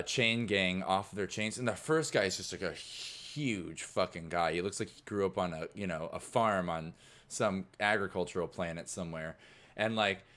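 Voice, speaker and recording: Brief: man as game master, low voice, loose, rambling narration. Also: fairly bright tone. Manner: loose, rambling storytelling full of "like".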